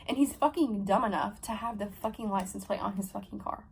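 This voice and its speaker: A young woman in her twenties telling a story to camera in a fast, profane, animated vlog style, acting out her own heated lines. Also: mid-range voice, a little hiss or hum. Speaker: vlogger. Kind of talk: storytime vlog, casual chat.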